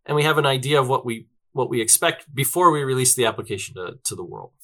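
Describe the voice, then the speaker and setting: Bright-voiced man chatting as a guest. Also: mid-range voice, animated, fast talker. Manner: chatty, peppers sentences with "right?" and fillers. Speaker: guest, tech company representative. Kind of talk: conversational interview answers.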